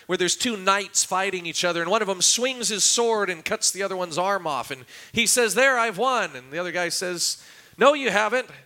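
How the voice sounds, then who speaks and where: A man's voice: a little high, bright, forceful tone. A man preaching a sermon as pastor, acting out quoted cries with a raised, dramatic voice. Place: church.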